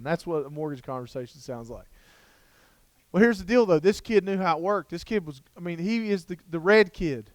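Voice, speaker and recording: A middle-aged man delivers a lively keynote full of anecdotes, down-to-earth and joking as he acts out the scenes. His voice sits a little high for a man and comes across smooth and clear. The sound is dry and close. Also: moderate pace, no echo. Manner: down-to-earth, animated, jokey. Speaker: child development speaker. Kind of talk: storytelling keynote talk. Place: lecture room before an audience.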